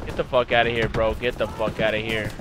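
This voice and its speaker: A young man giving casual, profane, excitable commentary while playing a war shooter, shouting at the game. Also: fairly low pitch, a little fast. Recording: loud gunfire from the game over the voice.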